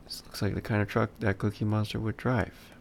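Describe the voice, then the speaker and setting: A man's voice: on the low side, level tone, brisk, gravelly, slight background noise. A man giving a casual live-stream 3D modeling lesson, muttering to himself with dry asides as he works. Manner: muttering, self-talk, dry asides while working. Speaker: 3D modeling instructor streaming a class.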